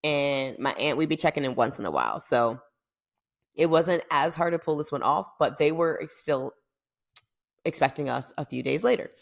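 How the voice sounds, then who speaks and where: A young woman from the United States tells a story on her podcast in a chatty, animated way. Her voice sits low and has plenty of gravelly vocal fry. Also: normal speed. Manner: chatty, animated, lots of fillers. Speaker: podcast host. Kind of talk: casual storytelling.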